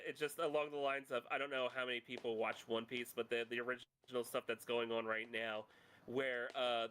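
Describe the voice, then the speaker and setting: A man's voice: mid-range voice, pushed and bright, rough recording. A man who writes fan fiction, chatting casually and rambling with many restarts and laughs. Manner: rambling, halting, laughs often. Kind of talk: casual chat.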